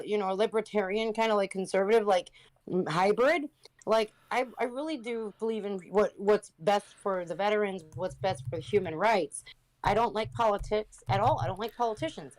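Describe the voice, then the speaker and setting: Female podcast guest, blunt and halting, mid-pitched, swears freely. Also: a little mellow, low-quality recording. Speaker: podcast guest, reaction streamer. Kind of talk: casual chat.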